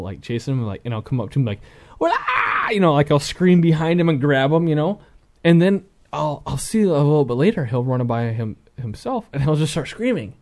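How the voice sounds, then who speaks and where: A man in his thirties chatting casually, telling animated stories about his young son and acting out bits. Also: medium pitch. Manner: animated storyteller, acts out scenes with shouts. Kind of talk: casual chat.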